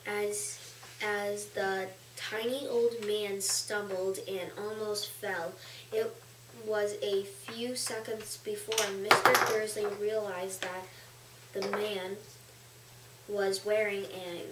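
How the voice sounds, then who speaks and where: A woman reading aloud in halting practice, stumbling and repeating words as she is corrected. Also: mid-range voice. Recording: echoey room, far from mic, faint noise.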